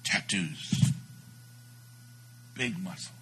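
A man preaching a sermon, telling a story with dramatic swings between loud bursts and hushed moments. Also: extremely slow, rough recording.

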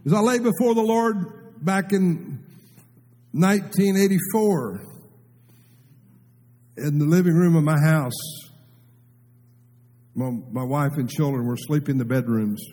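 A man's voice: fairly high pitch, mellow. Tearful preacher man in a reverberant hall. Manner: emotional, impassioned preaching, rising and falling. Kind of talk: sermon. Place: church sanctuary. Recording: long reverb of a large hall.

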